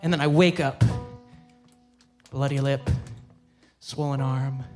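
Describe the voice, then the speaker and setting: A man, the band's violinist, telling an animated story on a theater stage into a stage microphone, acting out scenes with sudden jumps in pitch. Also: takes it slowly, soft background music. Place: theater stage at a live concert.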